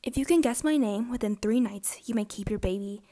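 A woman's voice: a little high, a little fast, dark tone, lightly acted. A gleeful, scheming little man from a children's storybook, put on by a woman reading aloud. He cackles and taunts with a sly edge, then shrieks in a rage.

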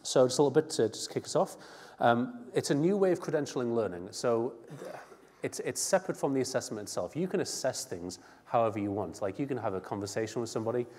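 A man's voice: mid-range voice, animated, a little mellow. Northern English man with a cold. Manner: chatty, informal, quick asides. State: has a head cold. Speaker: conference presenter. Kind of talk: conference presentation. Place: conference hall. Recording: long reverb of a large hall.

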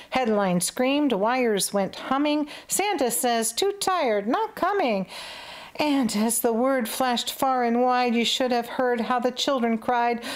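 A woman reading rhyming verse aloud. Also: fairly high pitch. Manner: rhythmic, sing-song verse reading. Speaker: parent reading to children.

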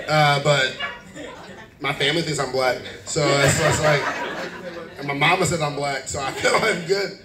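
A man and guest comedian chatting on a panel, telling funny stories in an animated, laughing way. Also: on the high side, normal speed, recorded from a distance. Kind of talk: casual comedic panel chat. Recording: roomy live venue, mic from afar, loud crowd.

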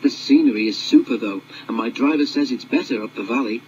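A man's voice: mid-range voice, fairly quick, dull audio, a little hiss or hum, lightly acted. Wilbert, a man doing a storytelling engine. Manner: warm storytelling, cautionary. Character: friendly forest tank engine telling a tale.

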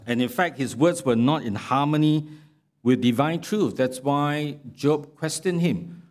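A man preaching a sermon in a church, speaking in a slow, measured way and reading scripture aloud with sarcastic emphasis. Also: a little high, darkish tone. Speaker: pastor. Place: church sanctuary.

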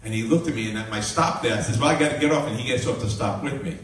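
A male minister preaching a live sermon and telling a personal story with lively, animated delivery. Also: medium pitch, racing. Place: live church gathering. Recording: echoey room, mic at a distance, faint noise.

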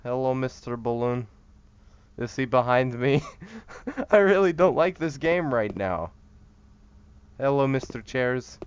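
A man's voice: mid-range voice, expressive, slow, long pauses, clean tone, no room sound, highs cut off, faint music behind. A man giving casual, joking commentary while playing a horror game, rambling and chatting to the things on screen. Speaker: horror game let's-player.

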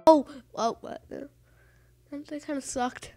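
A woman giving casual, rambling gameplay commentary, excitable and calling out to rival players. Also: sits high, takes it slowly, loud music behind the voice. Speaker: gaming channel host.

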